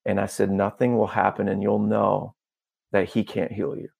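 A man as a podcast guest, telling a story in a casual, animated way and acting out the dialogue. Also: on the low side, moderate pace, gravelly, slightly rough. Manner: animated, acts out dialogue, peppers talk with "bro" and "dude".

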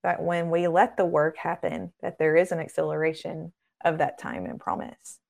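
A woman with a low, creaky, darkish voice speaks at a moderate pace as a guest on a faith podcast, where she is introduced as a ministry founder. She preaches earnestly, driving points home through repeated phrases and performing quoted voices in a raised tone.

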